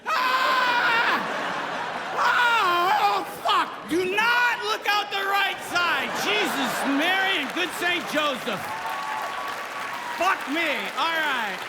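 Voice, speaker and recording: A man voicing a panicking airline pilot who yells frantically. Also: very high voice, expressive, takes it slowly, reverberant, a loud crowd, heavy background noise, exaggerated voice. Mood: frantic. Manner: frantic yelling.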